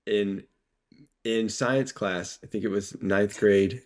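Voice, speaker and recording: A young man, a guest on a podcast, calmly telling a school story and chuckling as he goes. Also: lowish voice, slow pace. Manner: laid-back, chuckles as he tells a story. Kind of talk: casual chat, storytelling.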